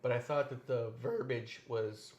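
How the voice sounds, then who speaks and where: Man, podcast host, casual wrestling chat, swears a lot, animated storyteller, middle pitch. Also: a little slow.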